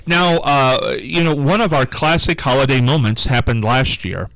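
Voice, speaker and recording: A man's voice: medium pitch, normal speed, gravelly, a bit bright, no echo, rough recording. A man hosting a holiday morning radio show in the studio, chatty and joking. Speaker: radio host. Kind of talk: casual radio talk. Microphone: studio microphone.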